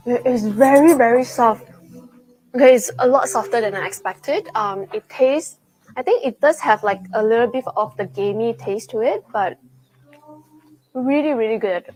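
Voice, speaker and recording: A young woman hosting a live travel vlog, chatting excitedly while tasting food at a restaurant. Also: a little high, moderate pace, low-quality recording. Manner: chatty and excitable, with frequent gasps and laughs. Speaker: travel show host. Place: indoors at a restaurant.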